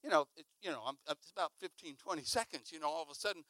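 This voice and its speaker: A man preaching a sermon, telling a story with lively acted-out sounds and sudden shouts. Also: a little high, fast, dry recording. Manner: animated, acts out sounds and shouts.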